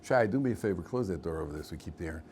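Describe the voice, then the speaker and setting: A man's voice: deep voice, animated, very fast, darkish tone, a little hiss or hum. A middle-aged man, a rabbi, telling stories with humor to a class and asking his students questions, mixing in Hebrew words. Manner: storytelling with humor, asks the room questions; mixes in Hebrew and Yiddish words. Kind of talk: lively Torah class to students.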